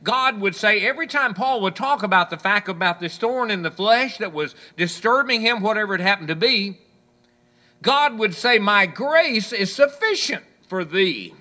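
A man preaching a sermon in a high, bright voice that leaps around in pitch. He quotes scripture and mimics the excuses of his listeners. Some lines ring out loud and others fall almost to a murmur. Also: lively intonation, moderate pace. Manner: swings from loud to hushed.

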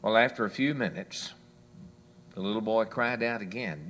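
A man preaching a sermon, telling folksy stories and quoting scripture, dropping low for quiet asides. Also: moderate pace. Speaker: pastor.

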